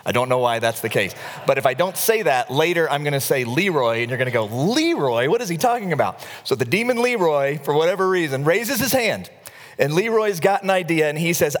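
A man preaching a sermon as pastor, talking in a relaxed, conversational way and acting out little scenes as he tells them. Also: a little high, brisk. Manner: conversational, animated storytelling with acted asides. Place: church sanctuary. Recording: long reverb of a church hall.

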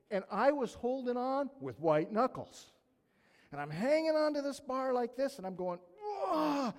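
A male pastor delivering a sermon in a church, mixing a lively personal anecdote with scripture. His voice sits a little high for a man and rings with long hall reverb. He acts out moments of the story with rising excitement. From Canada. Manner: animated storytelling, acts out his own panic.

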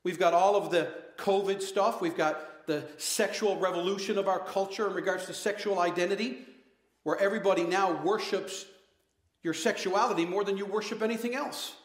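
A pastor delivers a passionate sermon in a fairly high voice, firing off rhetorical questions and calling out to his congregation. His voice rings through an echoey church hall. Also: steady tone, moderate pace.

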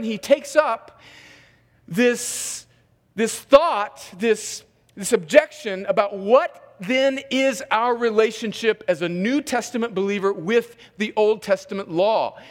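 A man with a high-pitched voice preaches an expository sermon. He reads scripture aloud and stops to comment between the verses. He talks with emphasis and often repeats a word as he rephrases. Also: big-room sound. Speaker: pastor.

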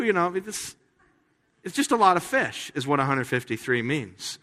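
A man preaching a sermon as a pastor, talking in a conversational way with playful, animated asides. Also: on the high side, normal speed, long reverb tail.

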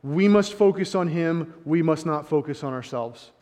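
A man delivers a sermon with a fairly high voice. He swings from hushed, reflective passages to emphatic, driving points. His words ring out with a long reverb, as if in a large sanctuary. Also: moderate pace. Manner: sarcastic paraphrasing of opponents. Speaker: preacher.

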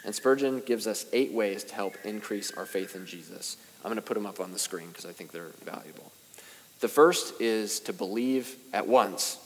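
A young man serving as pastor delivers a sermon in a church sanctuary, his lowish voice echoing through the large hall. He keeps it casual and self-deprecating, building emphasis at the key moments.

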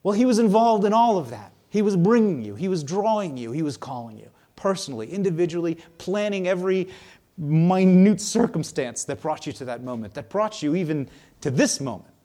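A man preaches in a loose, conversational way, his voice pitched a little high. He gets animated and slips into the voices of the people he quotes. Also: brisk. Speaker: pastor. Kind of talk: sermon.

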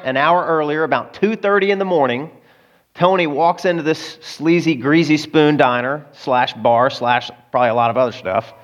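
A man's voice: fairly high pitch, fairly bright tone. Conversational male preacher telling a story. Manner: conversational, with asides to the listeners. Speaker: pastor. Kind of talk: sermon storytelling.

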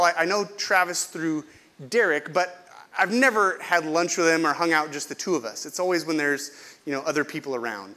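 A man's voice: a little high, bright, forceful tone. A middle-aged male pastor from California preaching a sermon in a conversational, self-deprecating way, often asking the congregation questions.

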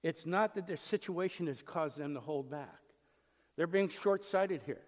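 Male pastor with a high voice giving an emphatic sermon, acting out the voices in the text; big echoing hall sound. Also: unhurried. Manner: emphatic, rhetorical questions, acts out the voices in the text. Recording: long reverb in a large hall.

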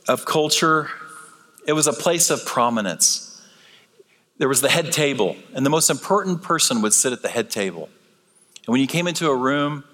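A man preaching a sermon in a church, animated and acting out the voices he quotes. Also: mid-range voice. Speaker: guest preacher. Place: church sanctuary. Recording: long church reverb.

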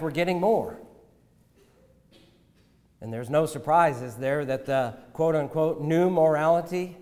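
A man preaching a sermon as pastor, measured and deliberate, often asking rhetorical questions. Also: mid-range voice, a little mellow, big-room sound.

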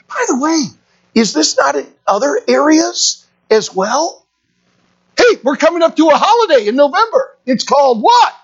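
Husky animated pastor preaching. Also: medium pitch. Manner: animated storytelling preacher, rhetorical questions to the congregation. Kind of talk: sermon. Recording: dull lo-fi recording.

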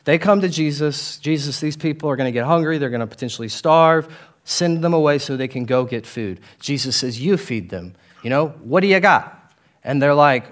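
A man's voice: a little high, expressive. Male pastor, casual conversational sermon delivery with playful asides. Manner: conversational, voices the disciples in quick asides.

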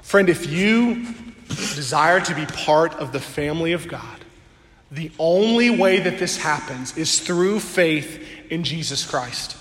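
A man preaching a sermon to a congregation in a church, earnest and drawing out key words slowly for emphasis. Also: fairly high pitch, expressive, a bit bright. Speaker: pastor. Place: church sanctuary before a congregation. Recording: echoey hall with long reverb.

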